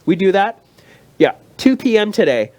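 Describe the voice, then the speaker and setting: Man, 30s, lively pitch, animated storytelling, casual show chat. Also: moderate pace. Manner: animated storyteller acting out quoted people. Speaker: co-host.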